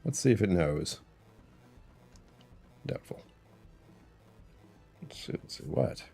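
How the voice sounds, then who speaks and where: Deep-voiced man rambling through a livestream. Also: very animated, slow, creaky, mellow, soft background music. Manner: rambling, chuckles often, greets chat by name. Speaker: live streamer hosting his own show. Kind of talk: casual livestream chat.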